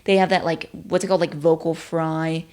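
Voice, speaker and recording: A woman's voice: deep voice, level tone, moderate pace, a little mellow. A woman from Texas hosting a show, talking in a chatty, self-deprecating way full of fillers. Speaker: show host. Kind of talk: casual commentary.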